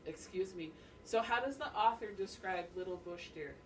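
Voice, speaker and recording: A woman teacher reading a picture book aloud to her class with expressive storytelling and calling on children by name to answer questions, recorded by a distant camera in a classroom. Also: medium pitch, normal speed. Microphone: distant camera mic. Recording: distant mic, faint classroom ambience.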